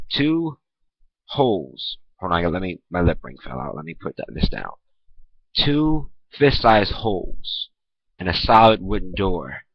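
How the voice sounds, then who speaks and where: A young man telling a personal story in a blunt, profane, conversational vlog, acting out what people said. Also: dry recording. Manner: blunt, profane, conversational, acts out quoted lines. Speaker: vlogger. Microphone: camera mic. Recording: dull, muffled low-quality recording.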